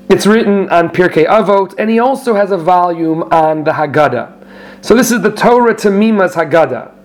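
A high-pitched man teaching a Torah class in a conversational way. He reads out passages in Hebrew and Aramaic, then explains them in English, often restarting his sentences as he goes. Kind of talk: informal Torah lesson.

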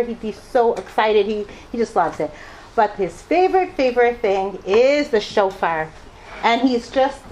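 A woman's voice: on the high side, darkish tone, a little hiss or hum, poor audio. A mother telling personal stories to a live audience, laughing often and acting out the people she quotes. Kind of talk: personal storytelling talk.

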